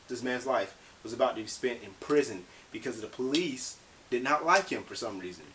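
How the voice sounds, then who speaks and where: A man's voice: mid-range voice, expressive, fairly quick, pushed and bright, slight background noise, low-quality recording. A man presenting a vlog, commenting in an indignant, impassioned way and swearing now and then. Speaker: vlogger.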